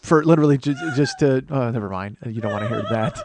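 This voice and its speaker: A man hosting a solo comedy podcast, rambling and self-mocking, swinging between loud outbursts and mumbled asides. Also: medium pitch, quick pace, a little hiss or hum. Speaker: podcast host.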